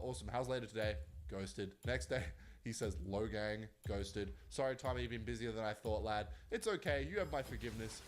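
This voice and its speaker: A man hosts a casual commentary vlog in a middle-pitched voice. He rambles in an animated, chatty way and breaks into laughs as he goes. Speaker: commentary vlogger. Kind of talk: casual online drama commentary.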